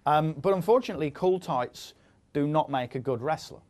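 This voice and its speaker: A man in his thirties hosting a casual studio chat, jokey and quick, with plenty of ums. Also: on the high side, darkish tone. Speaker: host.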